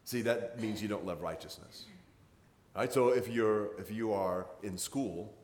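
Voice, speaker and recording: Low-voiced man preaching in an echoey room. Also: unhurried, darkish tone. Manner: conversational preaching, rising and pressing on key points. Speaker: pastor. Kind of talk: sermon.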